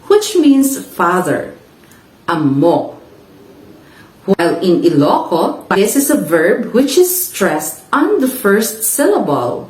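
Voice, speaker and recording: A woman's voice: medium pitch, a little mellow, roomy sound, rough recording. A woman from the Philippines with a Filipino accent, giving a lecture and carefully enunciating and repeating example words. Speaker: university lecturer. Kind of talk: slow, deliberate lecture on word pairs.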